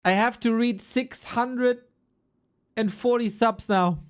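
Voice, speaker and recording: A man casting a live esports stream, excitable and exclamatory, swearing freely. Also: very high-pitched, slow, clear, resonant tone. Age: adult, long-time caster. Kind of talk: live stream game commentary.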